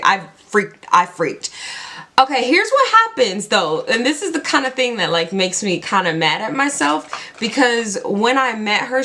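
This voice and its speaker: Chatty excitable woman beauty vlogger. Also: mid-range voice. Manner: excitable, chatty storytelling full of "like". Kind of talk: casual chat while doing makeup.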